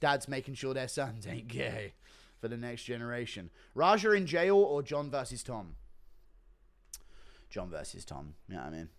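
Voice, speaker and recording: A man's voice: medium pitch, sing-song, moderate pace. A young man hosting a live stream, reading donations and joking crudely between laughs. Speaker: streamer host.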